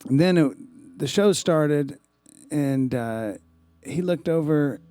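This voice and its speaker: A singer-songwriter telling a rambling, self-deprecating story between songs at a small club. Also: male voice, on the high side, slow, dark tone, clear, resonant tone, dry recording, studio quality. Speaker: singer-songwriter performing live. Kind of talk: relaxed stage banter between songs. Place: small live music club.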